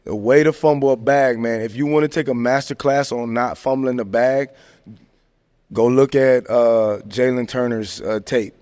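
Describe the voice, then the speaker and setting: A man hosting a podcast, giving casual sports commentary in a slangy, animated rant full of fillers. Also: medium pitch, normal speed. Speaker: podcast host. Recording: long echoing reverb.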